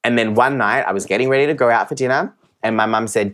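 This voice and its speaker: A man's voice: mid-range voice, steady tone, quick pace, hardly any pauses, a bit bright. A young man, a podcast guest, candidly telling a personal story and acting out the voices of others. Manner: open and emotional, acts out quoted voices.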